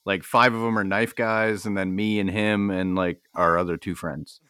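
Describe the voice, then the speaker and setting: A man's voice: deep voice, fairly even intonation, moderate pace, sharp tone, smooth, dry recording. A man co-hosting a podcast in casual chat, joking around, laughing often and swearing freely. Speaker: podcast co-host.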